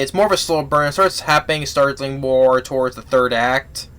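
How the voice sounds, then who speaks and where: A man giving a casual spoken movie review, retelling the plot in a rambling, halting way full of restarts. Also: a little high, fairly bright tone.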